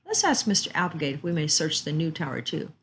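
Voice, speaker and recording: A woman reading aloud in the part of an eager, excitable teenage boy detective. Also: low voice, fast talker, creaky, a little hiss or hum, heavily acted.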